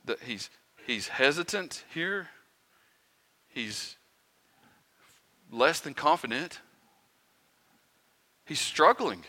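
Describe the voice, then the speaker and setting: Bright-voiced man preaching. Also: a little high, very animated, drawn-out words, pauses often. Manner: conversational preaching, rhetorical questions, dramatic quiet and loud swings. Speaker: pastor. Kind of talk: sermon. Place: church sanctuary.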